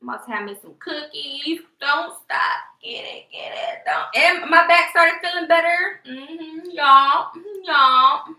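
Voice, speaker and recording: Slow-paced and with few pauses, a young woman vlogger delivers a sassy, mocking rant on a casual livestream, laughing often. Her voice is high, bright, and sharp, and the room she's in sounds echoey.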